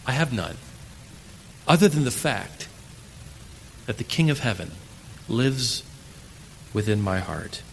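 A preacher voicing a calm humble apostle. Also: male voice, mid-range voice, slow pace, gravelly, pauses often, heavily acted. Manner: quiet, steady, hushed. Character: calm humble male apostle answering in faith. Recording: echoey hall, faint room noise.

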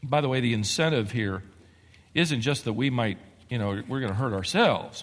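A man preaching a sermon as pastor, moving between quiet, measured passages and excited, emphatic bursts. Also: medium pitch. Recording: long hall reverb.

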